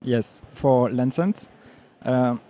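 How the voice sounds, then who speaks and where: A man on a judging panel asking slow, careful questions. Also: medium pitch, warm tone. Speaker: panel judge.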